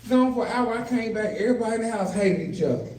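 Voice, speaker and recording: Rapid-fire and expressive, an older man's high-sitting voice comes through a very noisy recording of his stand-up set. He tells family stories and acts out kids' voices and his own for a live audience indoors at an adult day center. The mic is distant in a roomy live room, with crowd laughter.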